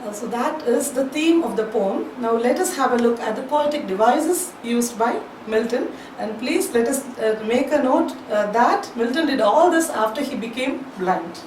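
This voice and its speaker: A woman's voice: a little high, lively intonation, moderate pace, few pauses, a little mellow, distant mic. A woman lecturer, explaining a poem line by line and paraphrasing as she goes. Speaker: college English lecturer. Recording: echoey room, voice off-mic, faint hiss.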